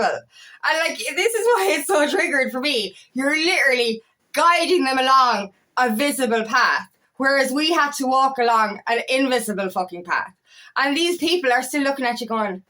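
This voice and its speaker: A woman talks straight to her audience as an empowerment coach. Her voice sits a little high. She is blunt and heated, swears freely and fills gaps with "you know.". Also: expressive, moderate pace, pushed and bright. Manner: blunt and heated, swears often, frequent fillers. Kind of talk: casual motivational talk to camera.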